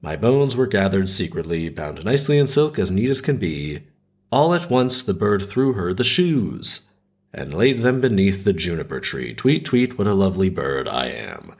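A man's voice: low-pitched, sing-song, normal speed. A man voicing a vengeful bird, the spirit of a murdered boy, in a singsong chant. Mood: eerie.

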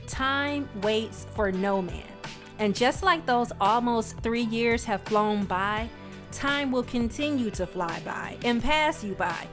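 A woman's voice: on the high side, animated, slow, music in the background. A woman giving a sassy, emphatic motivational pep talk as a podcast host. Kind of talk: motivational monologue.

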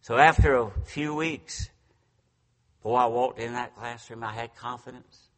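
A man's voice: medium pitch, a little slow, fairly bright tone. A man in his sixties preaching a storytelling sermon, folksy and self-deprecating. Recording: long reverb from a large hall.

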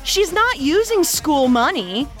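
A woman co-hosting a podcast, recapping a movie in casual, enthusiastic, expressive chat. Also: high-pitched, slow, over music. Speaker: podcast co-host.

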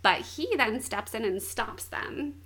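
Chatty woman telling a story all animated, giggles a lot, voice on the higher side. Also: unhurried, slightly rough. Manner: animated retelling, laughs often. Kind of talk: casual chat.

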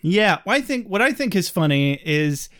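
A man's voice: high voice, sing-song, moderate pace, a bit bright. A man co-hosting a podcast, casually recapping an episode with sardonic, swear-laced remarks. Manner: sardonic, swears casually, reads quotes aloud. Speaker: podcast co-host.

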